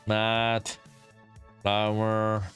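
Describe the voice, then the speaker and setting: With soft music playing behind him, a man live-streams work on his indie game, reading chat aloud and talking easily with viewers. He's laid-back, swears a lot, and calls everyone "dude," speaking in a lowish, smooth, slightly bright voice that is completely flat and very slow.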